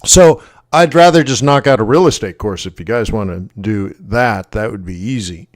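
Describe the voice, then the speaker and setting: Speaking at a moderate pace in a lowish voice, this Canadian forex trading educator runs a livestream. His talk is relaxed, meandering and full of jokes, with self-corrections sprinkled throughout.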